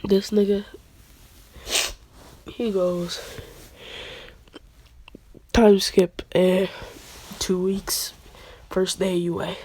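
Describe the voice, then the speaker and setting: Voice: mid-range voice, flat delivery, extremely slow, long pauses, dark tone, slightly rough. A young adult with a congested voice, rambling through an improvised fan story in slangy casual talk. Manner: rambling, slangy, often breaking into laughter.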